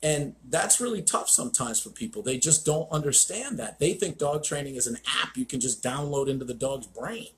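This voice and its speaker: A man's voice: medium pitch, expressive, normal speed, few pauses. A man hosting a live stream as a dog trainer, telling stories in a blunt, profane, ranting way.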